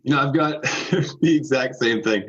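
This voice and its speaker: A man's voice: mid-range voice, a little slow, slightly rough. A man chatting as a podcast guest in an upbeat way, on a dynamic mic with a pop shield. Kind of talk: casual group chat. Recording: dull lo-fi sound.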